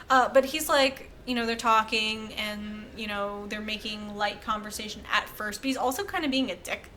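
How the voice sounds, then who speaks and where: A woman's voice: mid-range voice, steady tone, moderate pace, hardly any pauses, pushed and bright, slight background noise. A woman co-hosting a podcast, recapping a film in casual chat with lots of fillers and profanity. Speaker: podcast co-host.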